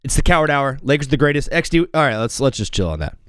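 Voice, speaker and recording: A man hosting a live sports talk show, rambling and joking in an excitable, casual way. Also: medium pitch, fast, dry recording, clean studio sound.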